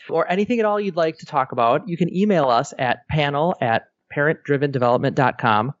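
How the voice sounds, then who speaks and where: A man with a fairly high voice co-hosts a podcast, chatting casually in an upbeat, self-mocking way. His sound is dull and lo-fi, recorded dry with no room echo. He jokes his way through family stories. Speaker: podcast co-host.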